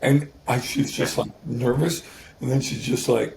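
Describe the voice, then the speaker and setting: A man in his sixties, a guest, telling an emotional personal story in a halting way, often restarting and repeating words. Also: mid-range voice, steady tone, vocal fry, darkish tone, slight background noise. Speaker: guest musician.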